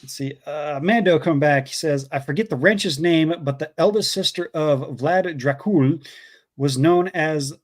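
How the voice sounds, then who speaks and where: Co-host type, man with a slightly raised pitch, loose chatty read of viewer donations. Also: a little slow. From Canada. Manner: reads donor messages aloud with fillers and laughs. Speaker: co-host reading super chats. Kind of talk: casual livestream chat.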